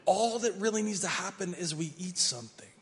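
A man preacher voicing a calm teacher who casually soothes a worried host. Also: sits high, fairly quick, slightly rough, pitched above the performer's own voice, exaggerated voice. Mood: soothing. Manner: relaxed, reassuring, casual. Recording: reverberant church hall.

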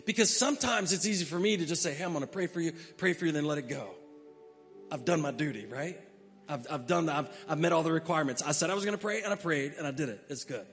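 High-voiced preaching man in a reverberant hall. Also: animated, quick pace, soft background music. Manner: swings from quiet asides to loud preaching; reads scripture aloud with emphasis. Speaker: pastor. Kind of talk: sermon.

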